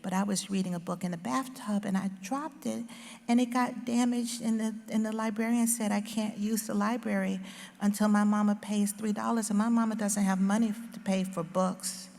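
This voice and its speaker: A woman voicing a quiet, shy little girl who speaks meekly, in a reverberant hall. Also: mid-range voice, steady tone, normal speed, gravelly, lightly acted. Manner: quiet and meek.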